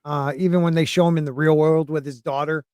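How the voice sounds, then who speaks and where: A man's voice: fairly high pitch, fast talker, clear, resonant tone, no room sound. Hesitant man with a dry, close sound. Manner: relaxed and hesitant, with stumbling restarts. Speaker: podcast panelist. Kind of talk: casual chat. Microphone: streaming call.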